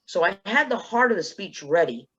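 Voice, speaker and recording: A woman from South Texas on a panel, telling a personal story in a lively way and acting out the dialogue. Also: medium pitch, moderate pace, slightly rough, muffled recording. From South Texas, USA. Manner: lively, acts out dialogue in quotes. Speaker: panelist, speech contest finalist.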